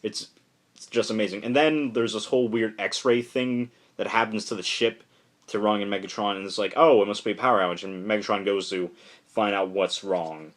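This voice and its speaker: A man excitedly recapping a comic book issue in a casual, rambling way, full of "like" and restarts. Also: on the low side, moderate pace. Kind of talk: casual enthusiastic plot recap.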